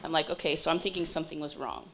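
Woman, church testimony, animated and breathless, fairly low voice, then prayer. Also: slight background noise. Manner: animated, breathless storyteller with quick asides. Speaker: church member giving a testimony and leading prayer. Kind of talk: lively testimony storytelling, then spoken prayer. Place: church service before a congregation.

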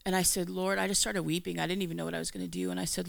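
Gravelly, bright-voiced woman telling her testimony. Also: fairly low pitch, fast, few pauses, no room sound. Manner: candid, animated storytelling with acted-out dialogue. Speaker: Christian speaker. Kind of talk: personal testimony talk.

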